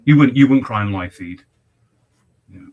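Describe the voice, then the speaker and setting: A man's voice: mid-range voice, expressive, moderate pace, darkish tone, dull audio. A man, a barber chatting on a livestream while cutting hair, swearing a lot and ranting in mock outrage.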